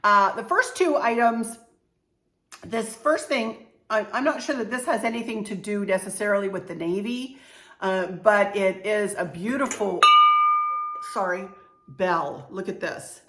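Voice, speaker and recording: A woman in her sixties talks casually in a show-and-tell vlog, gushing and sprinkling her speech with "you know." Her voice sits in a middle pitch. The room around her sounds echoey. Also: unhurried, fairly bright tone. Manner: chatty, gushing, frequent "you know" and "cute". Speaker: home decor vlogger.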